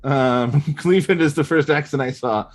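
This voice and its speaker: A man's voice: fairly high pitch, normal speed. Rambling, self-mocking male comedy host. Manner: chatty and rambling, many ums, self-mocking jokes. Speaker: improv show host. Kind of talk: casual hosting, explaining game rules.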